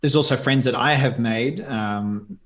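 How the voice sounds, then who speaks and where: Guy chatting on a podcast as the guest, musing and going off on little tangents, mid-pitched voice. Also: a little slow. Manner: thoughtful, rambling, full of asides. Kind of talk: casual interview talk.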